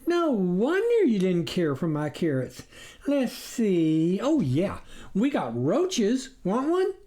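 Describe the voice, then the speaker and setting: A man voicing a hospitable farm wife with a high, chirpy rural drawl. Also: wildly swooping pitch, slow, mellow, exaggerated voice. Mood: eager.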